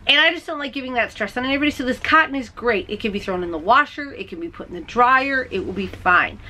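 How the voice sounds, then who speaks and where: A woman's voice: fairly high pitch, animated, fast, hardly any pauses, bright, forceful tone, a little hiss or hum. A woman hosting her home video podcast from Texas, chatting in a bubbly, gushing way straight to her camera. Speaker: podcast host. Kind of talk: casual video podcast chat.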